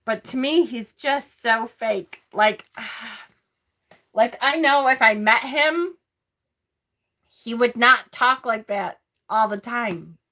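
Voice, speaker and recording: A woman's voice: on the high side, slow, long pauses, bright, forceful tone. A woman hosting a casual tarot live stream, chatty and snarky, laughing often. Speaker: tarot channel host.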